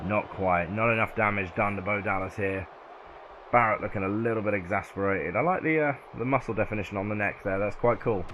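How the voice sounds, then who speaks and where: A man with a southern English accent doing play-by-play commentary over a video game, excitable and yelling at close calls. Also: on the low side, a little fast, slight background noise. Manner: excitable, yells at near-falls.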